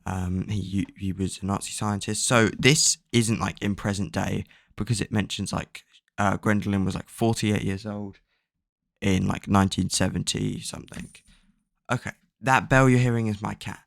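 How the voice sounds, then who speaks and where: Low, gravelly young guy for a loose, swear-dotted book recap, dry close mic. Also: fairly even intonation, normal speed, dry recording. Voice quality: rambling, filler-heavy, swears casually. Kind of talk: casual plot recap.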